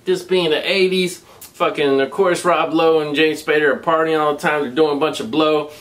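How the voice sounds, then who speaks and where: Profane, laid-back Southern man, higher voice. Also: fairly even intonation, moderate pace, fairly bright tone. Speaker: movie reviewer. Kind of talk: casual spoken film review.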